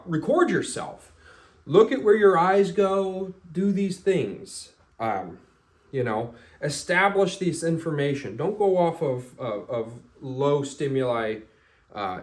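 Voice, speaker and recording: A man teaching as a firearms instructor in a loose, casual talk, blunt and a little profane, acting out little scenes as he goes. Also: fairly high pitch. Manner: blunt, profane, acts out scenarios.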